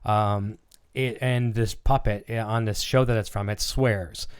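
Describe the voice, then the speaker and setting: A man's voice: fairly low pitch, fairly even intonation, unhurried, clear, resonant tone. A man hosting a casual live-stream chat with his son, talking loosely and filling gaps with ums and uhs. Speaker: channel host and father.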